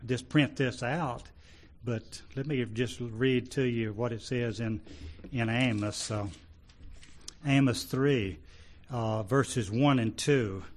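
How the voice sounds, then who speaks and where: A man preaching a sermon to his congregation, halting and full of restarts, rising loud when he reads scripture and dropping low between. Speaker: pastor.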